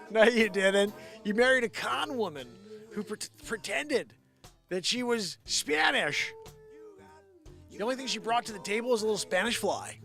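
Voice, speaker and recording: Livestream guy rambling and joking around, bright edgy voice, a bit high. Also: expressive, moderate pace, gravelly, faint music behind. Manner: rambling, jokey, slips into impressions. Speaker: live show host. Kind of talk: improvised comedic livestream rambling.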